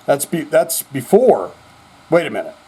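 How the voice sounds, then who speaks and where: A man with a somewhat high, husky voice rambles through a casual monologue. He swears freely and slips into quoted voices as he tells his stories. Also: sing-song, measured pace, warm tone. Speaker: host.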